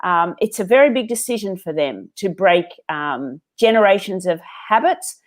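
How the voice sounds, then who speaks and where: An Australian woman, a business owner, answering as an interview guest in an earnest, measured storytelling way. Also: medium pitch, animated.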